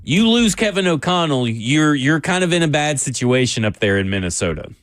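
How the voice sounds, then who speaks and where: A man's voice: on the high side, sing-song, a little fast, no room sound. A man hosting a sports call-in radio show from the studio, bantering easily and laughing often. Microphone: studio mic.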